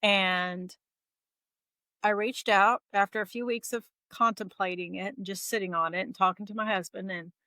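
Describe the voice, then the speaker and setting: A middle-aged woman, a guest in an interview, telling her own story in a casual, lively way and acting out the voices of the people in it. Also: mid-range voice, moderate pace, no room sound, rough recording. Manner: lively retelling that acts out quoted dialogue.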